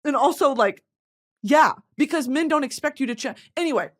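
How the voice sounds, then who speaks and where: A woman's voice: sits high, animated, fairly quick. A young woman host in casual chat about a book, candid and emotional, swearing freely.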